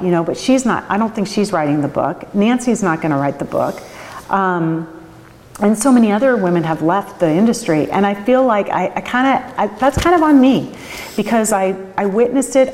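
Middle-aged woman, emotional and halting. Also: mid-range voice, animated, a little mellow, big-room sound, poor audio. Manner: emotional, chokes up, laughs often; halting, restarts sentences. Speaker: interviewee, winery owner. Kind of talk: oral history interview.

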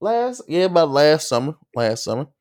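A man putting on a high twangy bragging good ol' boy. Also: very animated, moderate pace, darkish tone. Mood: boastful. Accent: Southern US drawl, put on. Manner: drawling, rambling, boastful. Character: twangy boastful rural white man.

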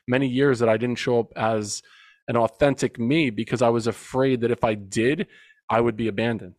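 Guesting on a podcast, this forties-aged men's coach shares something personal, earnest and reflective, with emphatic retelling. He speaks at medium pitch with a darkish tone, recorded without room sound.

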